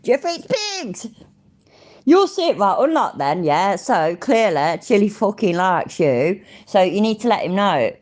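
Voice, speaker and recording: A woman's voice: medium pitch, sing-song, normal speed, hardly any pauses, a little mellow. A woman hosting a live stream, chatting and reacting with sweary, laughing, mock-offended banter. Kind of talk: casual live-stream commentary.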